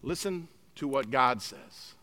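A middle-aged male pastor preaching a sermon, emphatic and swinging from loud exclamations to hushed, grave lines. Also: medium pitch, animated, slow.

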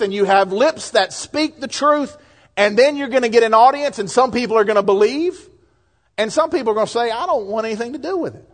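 A man with a Southern US accent preaches a sermon, his voice pitched high for a man. He is middle-aged and keeps it folksy and lively, trading scripture for homespun asides. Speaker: pastor.

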